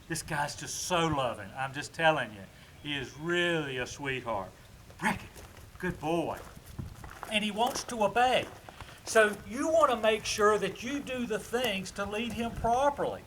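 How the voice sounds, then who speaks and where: A man with a high voice explains dog obedience commands as he works a puppy outside. He talks chatty and instructive, straight to the viewer, with faint outdoor noise behind him. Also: lively intonation, a little slow. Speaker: dog trainer. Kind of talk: outdoor training demonstration.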